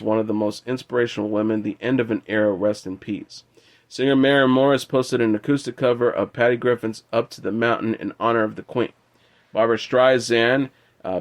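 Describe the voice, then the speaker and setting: A man hosting an entertainment news show, reading out tributes in a steady, measured way. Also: fairly low pitch. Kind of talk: reading news and quotes aloud.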